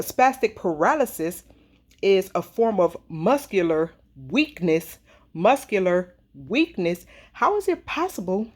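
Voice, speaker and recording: A woman's voice: mid-range voice, a little mellow. A woman speaking, giving a heated, worked-up commentary monologue to her followers, repeating points for emphasis. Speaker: social media commentator.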